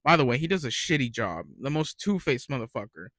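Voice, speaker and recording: A man's voice: mid-range voice, very animated, fairly quick, fairly bright tone, no echo. A young man telling retail work stories in a rambling, ranting casual monologue, swearing freely.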